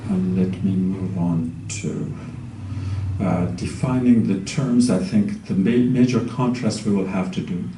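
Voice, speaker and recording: A man giving a measured academic lecture, pausing often with ums and uhs. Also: deep voice, dark tone. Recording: echoey room, mic far off.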